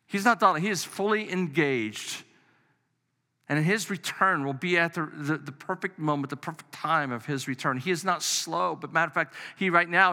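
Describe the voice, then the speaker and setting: A middle-aged pastor with a voice on the high side, pushed and bright, preaches a sermon earnestly and conversationally, often restarting his phrases. The long reverb of a large hall surrounds the recording.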